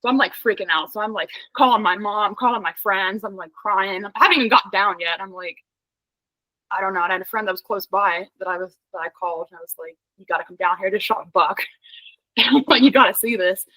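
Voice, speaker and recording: A young woman from Pennsylvania, a podcast guest, telling an animated story in casual chat, laughing often and saying "like" a lot. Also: medium pitch, fast, no room sound, low-quality recording.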